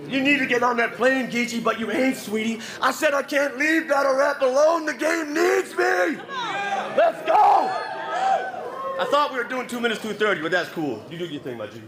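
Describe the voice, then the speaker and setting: A man with a Nova Scotian accent delivering aggressive, crude battle rap verses, shouting his punchlines at a live event. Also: very high-pitched, animated, normal speed. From Nova Scotia, Canada. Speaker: battle rapper. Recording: live crowd noise around.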